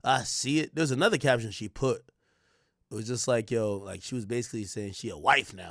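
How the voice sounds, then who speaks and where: A man's voice: medium pitch, animated, moderate pace, gravelly, long pauses, a bit bright, no room sound, clean studio sound. A man hosting a livestream, ranting crudely and animatedly to his chat with frequent laughs. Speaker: livestream host. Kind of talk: casual stream commentary.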